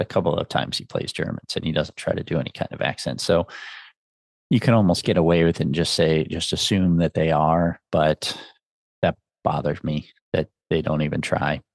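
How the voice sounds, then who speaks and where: A man's voice: extremely low pitch, creaky, a little mellow, dry recording, studio quality. A man hosting a podcast, giving a casual, musing film review as he thinks aloud. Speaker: podcast host.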